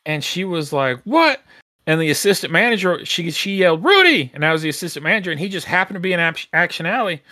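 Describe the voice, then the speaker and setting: Man, casual podcast storyteller, bright voice, slightly higher pitch, dry close sound. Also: fast, hardly any pauses, dry recording. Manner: animated storyteller who acts out quoted voices. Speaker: podcast co-host telling a retail story.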